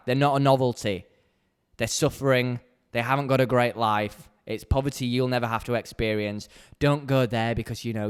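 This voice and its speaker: A man's voice: mid-range voice, clear, resonant tone. A young man hosting a solo podcast, talking bluntly and candidly from a small home podcast corner. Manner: blunt, candid, heated when ranting. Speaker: podcast host.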